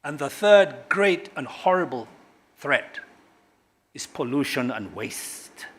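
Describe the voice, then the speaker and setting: A middle-aged man giving a public speech as a government official, emphatic and dramatic, with big swings in pitch and loudness and long pauses. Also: expressive. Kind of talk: public speech at a corporate launch.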